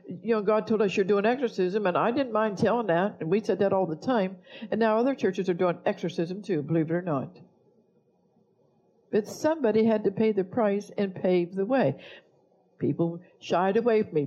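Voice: medium pitch, dark tone, muffled recording. A pastor preaching a sermon, blunt and scolding toward the congregation.

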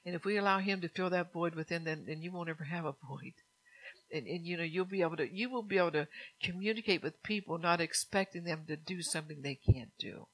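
A woman's voice: fairly low pitch, quick pace, poor audio. A woman preaching a sermon to her congregation, earnest and repetitive, with frequent laughs.

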